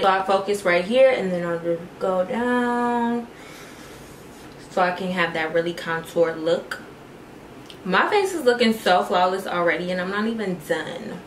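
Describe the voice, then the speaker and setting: A young beauty vlogger walks viewers through her makeup routine in casual chat, calling them "y'all" and "girl." Her voice is medium-pitched with a fairly bright tone, recorded in an echoey room with faint noise.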